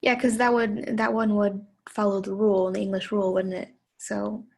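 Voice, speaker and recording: A woman's voice: mid-range voice, little pitch movement, normal speed, gravelly. A young woman, a student presenter, answering questions about her research with many fillers and self-corrections. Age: young adult.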